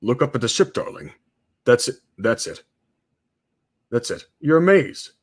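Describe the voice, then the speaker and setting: A man's voice: medium pitch, big pitch swings, measured pace. A man doing a coaxing man behind a camera. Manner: coaxing, encouraging. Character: man filming his wife, coaxing and upbeat.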